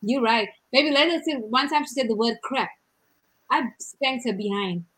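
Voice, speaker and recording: A woman in casual chat about raising her daughters, blunt and animated, laughing often. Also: on the high side, moderate pace, poor audio.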